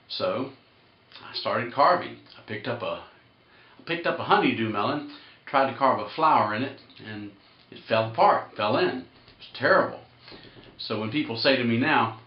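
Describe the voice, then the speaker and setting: A man's voice: mid-range voice, lively intonation, moderate pace, long pauses. Playful Southern man in an echoey room. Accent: Southern US, Georgia. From Savannah, Georgia. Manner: rambling, playful, switches into voices. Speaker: caterer and fruit carver. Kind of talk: casual comedic self-introduction. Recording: echoey, dull-sounding room.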